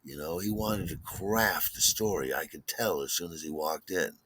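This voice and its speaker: A man's voice: sits low, moderate pace, a bit bright, slightly rough, dry recording. An older man telling a personal story in a wry, conversational way. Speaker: podcast host.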